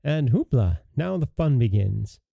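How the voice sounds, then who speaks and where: Man doing bold carefree storybook youth, gravelly, dull muffled audio, soft music. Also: medium pitch, sing-song, a little slow, dry recording, heavily acted. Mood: cheeky. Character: fearless cheerful young man, the youth.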